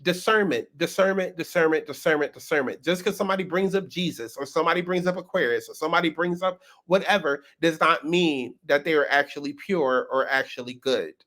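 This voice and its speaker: A man hosts casual reaction commentary in a high, bright, sharp-edged voice. He talks with sass, breaks into laughter often and drives his points home by repeating words. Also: brisk, hardly any pauses. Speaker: host.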